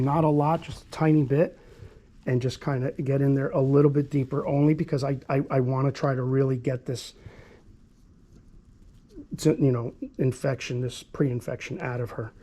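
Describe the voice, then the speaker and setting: In a medium-pitched, level voice at normal speed, a man grooms a dog on camera, explaining each step earnestly and repetitively while softly soothing the animal.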